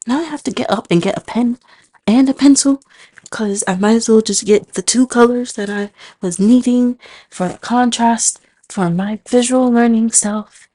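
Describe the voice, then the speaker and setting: A woman's voice: a little high, a little mellow. A young woman streamer chatting casually to herself and her viewers, self-mocking and talkative. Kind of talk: casual chat while streaming.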